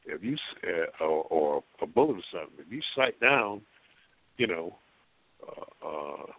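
A man's voice: deep voice, animated, a little slow. A man talking as a guest on a call-in show, folksy and rambling, with many fillers and restarts, over a phone line. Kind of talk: call-in radio talk.

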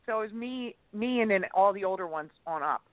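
A woman co-hosting a casual radio chat, telling animated stories full of exclamations and laughter. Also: mid-range voice, a little fast, dry recording. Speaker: co-host. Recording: tinny phone-like line, dry.

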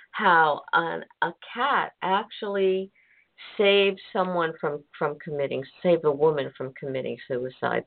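An interview host who responds with warm encouragement and keeps the conversation moving, heard over a phone line. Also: medium pitch, creaky, slight background noise. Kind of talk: interview hosting.

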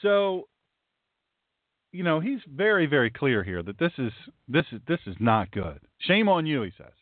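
Folksy emphatic pastor on a tinny line. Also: male voice, mid-range voice, lively intonation, normal speed, no room sound. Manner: folksy, emphatic, talks to viewers. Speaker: pastor and show host. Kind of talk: livestream Bible teaching. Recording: tinny phone-like dry sound.

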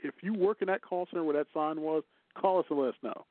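A man's voice: a little high, quick pace, no room sound. A chatty man co-hosts a casual news talk show, teasing and laughing as he goes. His mid-range voice comes through dry and tinny, like a phone line. He talks loosely, full of fillers and asides. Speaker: co-host.

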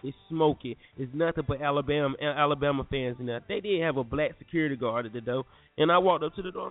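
A young man from North Carolina, animated and slangy, telling a story to listeners as a podcast host. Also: fairly high pitch, fast talker. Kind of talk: casual storytelling. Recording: phone-like lo-fi audio with faint music.

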